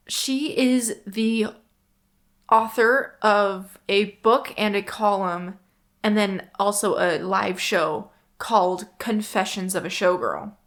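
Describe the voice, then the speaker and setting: A woman's voice: medium pitch, fairly bright tone. A young woman hosting a solo podcast in a casual, rambling, chatty way, often stopping to correct herself. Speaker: podcast host.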